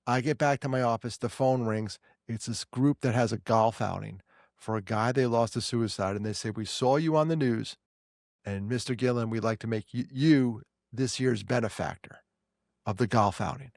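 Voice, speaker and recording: Man, New York accent, gravelly voice, animated podcast storyteller, dry close mic. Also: medium pitch, no echo. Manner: animated storyteller, quick restarts. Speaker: podcast co-host. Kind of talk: casual podcast chat.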